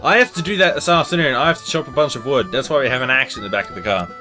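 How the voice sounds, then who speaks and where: A man giving casual commentary on a cartoon episode, making deadpan jokes and rambling off on asides. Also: mid-range voice, racing, soft background music. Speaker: commentary co-host.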